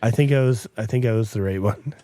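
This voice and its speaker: A man co-hosting a podcast, relaxed and joking in casual chat. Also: lowish voice, fast. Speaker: podcast co-host.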